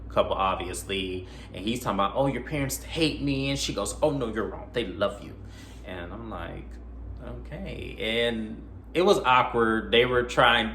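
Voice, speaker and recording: A man recapping a horror movie plot in a casual, animated way, acting out the characters' lines and adding his own asides. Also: fairly low pitch, slight background noise. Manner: animated retelling with quoted voices and asides. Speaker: movie reviewer. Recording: echoey room with faint ambience.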